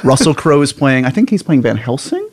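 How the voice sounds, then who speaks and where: A man's voice: medium pitch, very animated, a little fast, darkish tone, a little hiss or hum. A man hosting a casual interview, asking questions with enthusiasm and joking along. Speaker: interview host.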